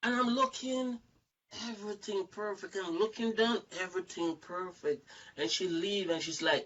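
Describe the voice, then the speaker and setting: High-voiced guy telling a long story, lots of repeats, kinda far from the mic, muffled sound. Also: normal speed. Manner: animated, rambling, repeats words, acts out voices. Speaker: show host. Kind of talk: casual storytelling in a group talk. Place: online video chat.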